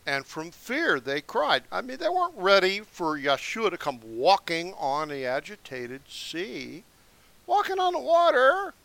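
A man reads scripture aloud at an unhurried, deliberate pace, adding casual explanations between verses. His voice sits a little high, with a bright, forceful edge. His pitch swings widely from line to line. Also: sing-song, vocal fry, no room sound. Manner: slow, deliberate reading broken by casual asides. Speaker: Bible teacher. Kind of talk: scripture reading with commentary. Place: seated indoors.

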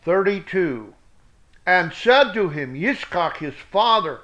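A man reads scripture word by word, calling out reference numbers and dropping in blunt remarks. His voice is high for a man and his pace is slow and deliberate. The recording sounds dull and lo-fi. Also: very animated, sharp tone. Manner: slow, deliberate reading with blunt spoken asides. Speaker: Bible teacher.

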